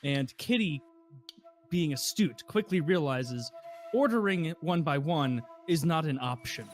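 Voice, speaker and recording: A man co-hosting a stream, telling a story in casual chat, animated and swearing as he laughs. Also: fairly high pitch, measured pace, faint music behind. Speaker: co-host on a gaming stream.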